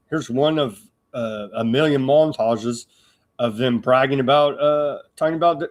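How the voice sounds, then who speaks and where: A man's voice: medium pitch, normal speed. A man hosting a live political news commentary show, talking in a sarcastic, mocking way with lots of fillers and restarts.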